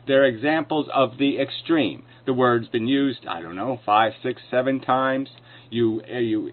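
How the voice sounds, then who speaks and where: A man tears into an argument in a scornful, profane rant. His voice has a narrow, phone-like tone, and his pitch sits in the middle range for a man. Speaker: video commentator responding to clips. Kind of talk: combative rant. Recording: lo-fi phone-like sound.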